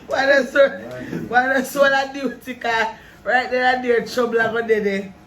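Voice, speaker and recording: A man with a Jamaican accent telling a rambling, animated story in a barbershop. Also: very high-pitched, moderate pace. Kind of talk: casual chat.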